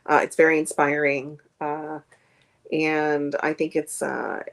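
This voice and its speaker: A woman's voice: deep voice, little pitch movement, slow, creaky. A woman comedian chatting as a guest on a streamed video call, rambling with many fillers. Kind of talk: casual interview chat.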